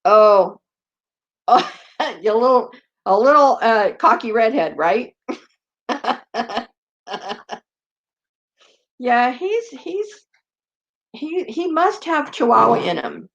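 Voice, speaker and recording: A woman's voice: fairly high pitch, very animated, very slow, long pauses, highs cut off. A woman vlogger chatting casually and rambling, often turning to talk to her dogs. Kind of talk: casual chat.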